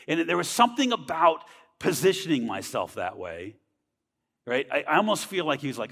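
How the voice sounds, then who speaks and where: In a church, a man with a slightly high, bright, forceful voice shares his personal faith testimony at normal speed, his pitch swinging widely and the sound filling a big room. He talks earnestly and conversationally, often checking in with a tag question like "right?"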